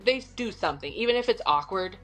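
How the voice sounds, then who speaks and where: A middle-aged woman with a Midwestern American accent, a podcast guest telling a story in an animated, chatty way. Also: medium pitch, quick pace, soft background music. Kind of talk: casual storytelling.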